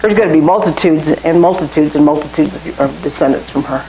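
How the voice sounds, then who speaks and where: A woman's voice: low voice, fairly quick, mellow, echoey room, a little hiss or hum, poor audio. A woman leading an informal Bible study, talking through scripture in a conversational way and often repeating and restarting phrases. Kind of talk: informal Bible teaching to a small group.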